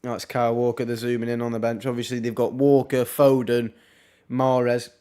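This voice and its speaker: A young Englishman talks through a football match live for his viewers, casual and chatty. He throws in wry asides and quick reactions between passages of play, in an ordinary mid-pitched voice. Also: monotone, warm tone, smooth. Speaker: watchalong streamer.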